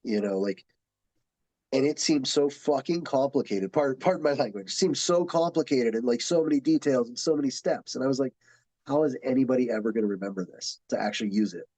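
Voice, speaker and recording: A man, a jiu-jitsu instructor, talks through his stories in a relaxed podcast conversation. His voice is mellow and warm, recorded close and dry. He slips into the voices of people he quotes as he goes. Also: mid-range voice, a little fast, no echo, rough recording. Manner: animated storyteller, acts out quotes. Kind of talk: casual storytelling chat.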